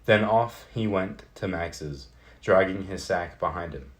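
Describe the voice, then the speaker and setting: Deep, slow-reading storyteller man. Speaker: storybook narrator. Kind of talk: children's picture book read-aloud.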